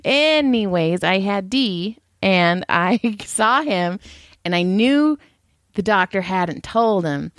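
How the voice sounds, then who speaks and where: A woman's voice: medium pitch, expressive, takes it slowly, no room sound, clean studio sound. A woman co-hosting a podcast, casually telling crude, laughing stories and acting out what people said. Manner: laughing, crude storytelling with acted-out quotes. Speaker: podcast co-host. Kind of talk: casual chat.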